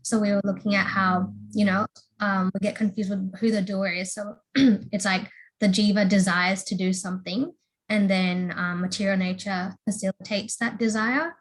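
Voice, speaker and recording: A woman's voice: medium pitch, flat delivery, normal speed, low-quality recording. A female student summarizing lessons in a class discussion, casual and tentative with many fillers.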